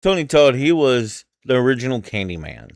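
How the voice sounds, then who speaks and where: A podcast co-host with a mid-range voice and big pitch swings chats casually at normal speed. He's hesitant, full of restarts and fillers. The recording is dry with clean studio sound.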